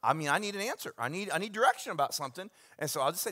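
A man preaching as a pastor, telling stories with big swings from hushed asides to loud bursts. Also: sits high, lively intonation, very fast. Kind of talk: sermon. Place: church sanctuary.

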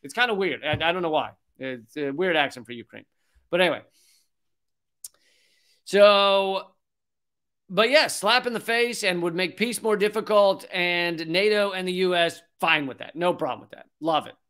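A man's voice: high-pitched, normal speed, long pauses, bright, forceful tone, smooth. A man in his forties hosting a political commentary show, reading an article aloud and breaking off into sarcastic, profane rants.

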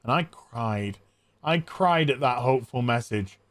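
A man's voice: medium pitch, lively intonation, a little slow, a bit bright, no echo. A man sarcastically recapping a bad movie for laughs, putting on silly voices for its characters. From England. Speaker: movie reviewer.

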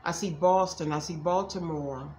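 A woman's voice: low-pitched, fairly even intonation, moderate pace, a little mellow, reverberant, a little hiss or hum. A woman giving casual psychic readings to viewers, chatty and folksy, calling them y'all. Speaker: psychic reader.

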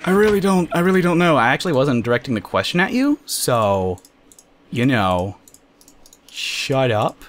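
A man hosting a casual let's-play, talking excitably and jokingly, often yelping at what happens on screen. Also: mid-range voice, fairly quick. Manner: excitable, yelps and shouts at the game, jokey. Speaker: gamer host.

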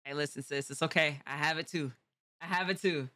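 A woman's voice: low-pitched, a little fast, sharp tone, dry recording. A woman hosting a meme reaction video, talking in blunt, slangy casual asides.

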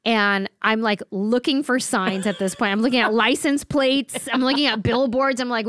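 A woman in her thirties, a comedian guest, telling a story with lively acted-out quotes. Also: a little high, normal speed, hardly any pauses, smooth, no room sound, clean studio sound. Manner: acts out quotes with big voice swings. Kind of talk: animated storytelling.

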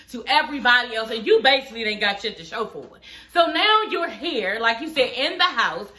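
A woman's voice: high voice, sharp tone, roomy sound. A young woman, blunt and profane, recapping a reality show in a casual, sassy chat. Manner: sassy, blunt and profane, laughing through the retelling.

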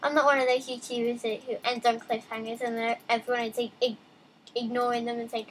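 Young woman, high voice, chatty, excitable, reads game text aloud, faint room hum. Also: fairly quick, poor audio. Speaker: let's play gamer. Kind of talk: casual game commentary.

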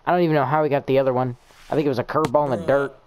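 A man's voice: medium pitch, steady tone, racing, a little mellow. A young man narrating his own video game in a stream of exasperated, profane complaints. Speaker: gamer posting gameplay. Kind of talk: live gameplay commentary.

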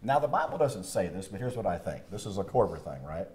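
A man preaching a chapel sermon, lively and acting out quoted voices. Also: sits low, fast talker, husky. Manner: animated, acts out quoted voices. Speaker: chapel speaker. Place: college chapel.

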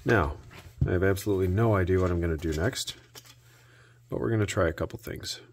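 A man hosting a repair video, narrating his work out loud with dry little jokes to himself. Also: sits low, brisk, a little hiss or hum. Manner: self-talk with dry jokes. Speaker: host.

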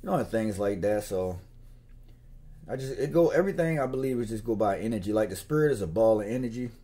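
A man's voice: lowish voice, lively intonation, fast, warm tone. Easygoing man rambling on. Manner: loose, slangy, meandering. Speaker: gun owner vlogger. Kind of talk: casual rambling chat.

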